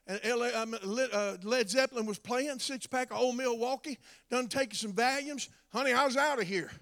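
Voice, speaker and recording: High-pitched, gravelly, shouting preacher man. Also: fairly quick. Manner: builds from conversational storytelling to shouted exhortation. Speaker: former drug addict giving testimony. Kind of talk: sermon.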